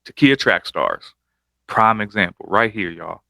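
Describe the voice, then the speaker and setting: A man's voice: fairly low pitch, animated, unhurried, gravelly, pushed and bright, no echo. A man hosting a reaction video, giving casual commentary over clips with emphatic, hyping interjections.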